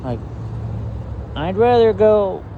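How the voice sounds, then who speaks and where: A man's voice: high-pitched, very animated, slow, narrow, tinny audio, slight background noise. A man vlogging to camera in an angry, rambling rant, swearing heavily and sounding exasperated.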